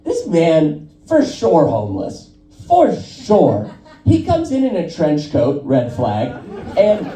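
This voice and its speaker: Stand-up comic, dark mellow voice, lively swooping delivery, roomy stage sound from a distant mic. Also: mid-range voice. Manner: loose, profane storytelling, laughing at own jokes. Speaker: stand-up comedian. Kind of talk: stand-up set at an open mic. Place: live comedy club stage.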